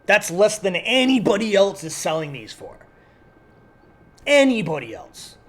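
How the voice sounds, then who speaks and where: Guy chatting on a podcast, kinda high voice, laid back, plugging deals. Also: normal speed. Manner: relaxed, promotional, teasing. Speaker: podcast co-host at an airsoft field. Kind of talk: casual podcast chat.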